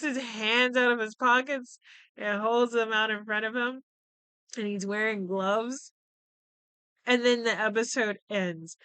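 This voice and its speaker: Young woman host, casual chatty recap, lively and profane, smooth clear voice, dry close mic. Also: a little high, unhurried, dry recording. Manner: animated, swears freely, acts out quotes. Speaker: podcast host. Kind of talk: casual chat recapping shows.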